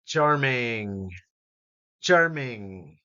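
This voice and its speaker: A man teaching English vocabulary, repeating each word slowly and stressing its syllables for learners to copy. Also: medium pitch, expressive, pushed and bright, smooth, dull audio. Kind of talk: slow, deliberate pronunciation lesson.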